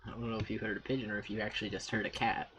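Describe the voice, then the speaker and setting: A woman's voice: rumbling low, level tone, rapid-fire, a bit bright, slight background noise. A woman chatting casually as a guest on a live stream, laughing and making self-deprecating remarks.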